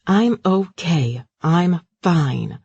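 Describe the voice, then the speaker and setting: A man voicing a flustered, uptight middle-aged mother in an audiobook, high, fussy and shrill. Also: animated, extremely slow, creaky, darkish tone, breathy edge, dry recording, lo-fi sound, heavily acted. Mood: frantic. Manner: high, fussy and shrill, sing-song at times. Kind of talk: audiobook character voice.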